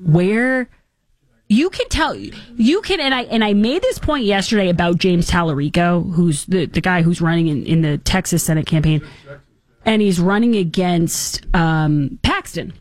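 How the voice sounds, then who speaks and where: A woman hosting a talk show, giving casual political commentary in a sarcastic, mocking and animated way. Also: lowish voice, measured pace.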